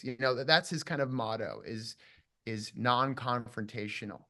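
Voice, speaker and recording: A man's voice: mid-range voice, moderate pace, bright, forceful tone. A man from southern Minnesota, an actor, talking casually and thoughtfully about his role, circling back with restarts and fillers. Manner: reflective, rambling, full of restarts and fillers. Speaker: actor guest. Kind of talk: casual interview chat.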